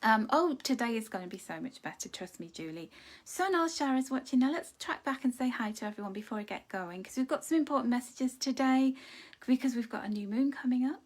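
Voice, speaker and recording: A woman's voice: fairly high pitch, lively intonation, brisk. A woman hosting a live card-reading stream from home, chatting casually and greeting viewers with endearments like darling. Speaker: card reader hosting a livestream. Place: home room.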